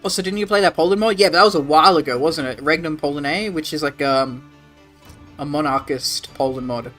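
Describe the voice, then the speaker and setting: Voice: mid-range voice, a little fast, fairly bright tone, soft background music. Rambling Australian game streamer. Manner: rambling, casual swearing, answers chat. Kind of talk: casual live-stream chat.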